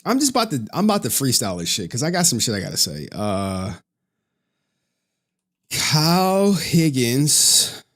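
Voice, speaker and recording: A young man hosting a casual late-night stream, tired from no sleep, rambling, swearing and laughing often. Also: lowish voice. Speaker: streamer host.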